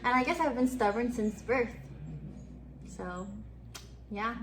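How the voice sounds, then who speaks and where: A woman's voice: a little high, slow, background noise. Giggly, chatty young woman streamer. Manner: chatty storytelling, giggly, swears casually. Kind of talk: casual chat.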